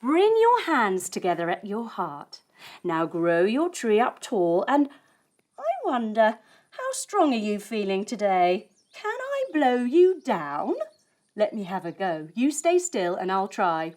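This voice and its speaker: Playful, expressive woman storyteller. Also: medium pitch, slow pace. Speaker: kids' yoga teacher. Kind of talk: storytelling yoga lesson for children.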